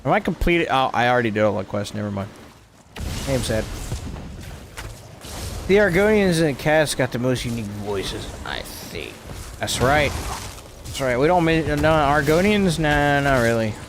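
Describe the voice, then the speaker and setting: A man streaming a game live, trash-talking and reacting out loud in a goofy way. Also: mid-range voice, lively intonation, normal speed, background noise. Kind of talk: live gameplay commentary.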